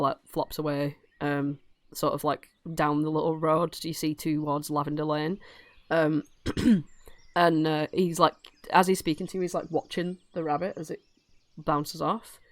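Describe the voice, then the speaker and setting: A woman's voice: sits low, flat delivery, moderate pace, no room sound. A woman with a British accent narrating a tabletop game as game master, rambling with many fillers.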